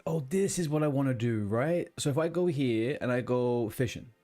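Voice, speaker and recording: A man's voice: medium pitch, moderate pace, mellow, soft background music. A man streaming a game, chatting casually and rambling between tasks, swearing now and then. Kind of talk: casual gaming chat.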